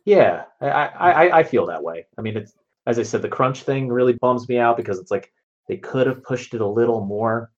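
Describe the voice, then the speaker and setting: Brief: male podcast co-host, rambling casual chat, medium pitch, muffled lo-fi audio. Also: fairly quick. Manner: rambling, many restarts and "like"s. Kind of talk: casual chat reviewing a cartoon episode.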